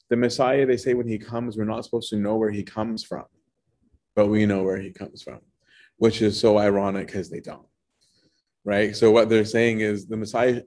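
Low-voiced man teaching a casual Bible study. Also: darkish tone. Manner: conversational, keeps checking in with "right?".

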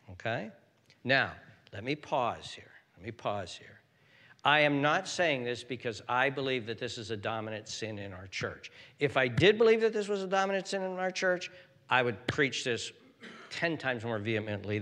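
An older man preaching a sermon as pastor, swinging between hushed, whispered lines and loud, emphatic exhortation. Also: mid-range voice, long reverb tail.

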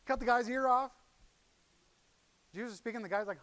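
A middle-aged pastor delivers a sermon from the pulpit in a fairly high voice, speaking a little fast and pausing often. He tells the story with animated energy, swinging from loud, excited outbursts to hushed asides as he acts out the characters.

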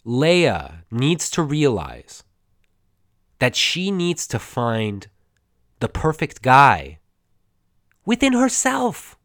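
A man's voice: medium pitch, fairly bright tone, no room sound, studio quality. A man hosting a podcast, recapping a movie in a rambling, digressive way, stammering and acting out the characters' lines, his throat a bit scratchy. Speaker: podcast host.

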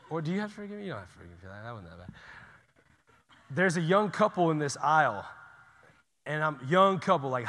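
A man preaching a sermon in a casual, conversational way, swinging from loud urgent bursts to hushed near-whispers. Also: medium pitch, long reverb tail. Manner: casual and conversational, says "y'all" and "dude".

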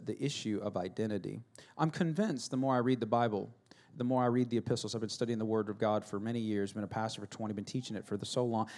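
With a mid-range voice, this middle-aged pastor delivers a sermon full of funny stories. His volume rises loud and drops to a hush as he goes.

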